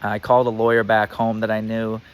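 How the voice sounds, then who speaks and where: A man's voice: on the low side, monotone, brisk, clean tone, muffled recording. A man telling a personal story in a casual, rambling way, full of fillers and swearing.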